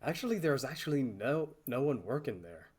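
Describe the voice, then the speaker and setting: A man narrating as dungeon master, describing scenes in a relaxed, loosely improvised way. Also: mid-range voice, a little fast, breathy edge. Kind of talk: narrating a tabletop game.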